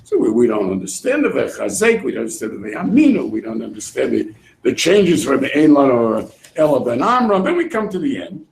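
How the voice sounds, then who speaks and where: A man teaching a Torah class in an animated way, acting out voices and laughing often. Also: medium pitch, fairly quick, creaky. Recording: echoey room.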